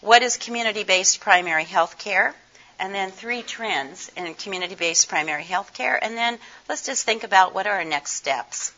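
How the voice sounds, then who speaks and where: Hoarse and scratchy with laryngitis, an older woman talks to a conference audience in a chatty, folksy presentation, putting questions to the room. Her voice is bright and forward, mid-range in pitch, at a normal speed, captured in a dull, lo-fi recording.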